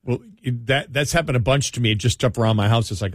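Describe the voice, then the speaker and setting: A man chatting in a mid-pitched, plain voice, reflective and rambling. He often restarts his sentences, and his voice sits dry right on the mic. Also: fast, no room sound. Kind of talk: casual chat.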